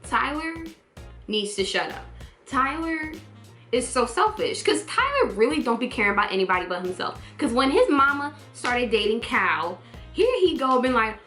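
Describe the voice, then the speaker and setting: Lively, bright-voiced woman vlogger. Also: fairly high pitch, normal speed, roomy sound, faint music behind. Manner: animated, acts out quotes in playful voices. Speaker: vlogger reviewing a TV series. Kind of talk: casual chatty review.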